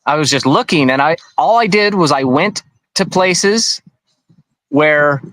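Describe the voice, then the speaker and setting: A man's voice: a little high, lively intonation, measured pace, a bit bright, no room sound, low-quality recording. A man being interviewed, recounting events in a rambling, conversational way with frequent restarts. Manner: rambling, with many restarts and asides. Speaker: interview guest.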